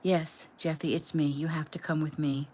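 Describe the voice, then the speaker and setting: A woman reading the lines of a calm, firm male rescuer in a low, steady voice. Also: normal speed, slight background noise, close to an everyday voice.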